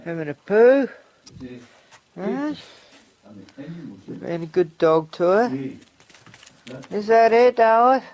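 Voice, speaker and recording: A man's voice: high voice, lively intonation, slow pace, long pauses, a little mellow. A man ranting in a casual outdoor vlog, swearing at crowing roosters and cooing to his dogs. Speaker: vlogger. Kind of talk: casual outdoor rant to camera. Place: outdoors in a rural yard.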